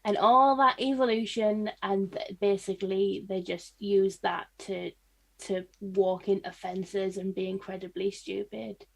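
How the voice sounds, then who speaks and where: A woman co-hosting a political podcast in casual chat, playful and quick to laugh. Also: medium pitch, steady tone, vocal fry. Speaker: podcast co-host.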